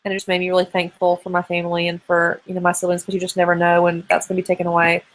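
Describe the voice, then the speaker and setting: A woman's voice: on the low side, monotone, racing, a little hiss or hum. A woman in her thirties hosting a live online hangout, chatting casually and rambling as she answers viewer questions. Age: 30s. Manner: chatty and rambling, many fillers. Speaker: host of a live video hangout.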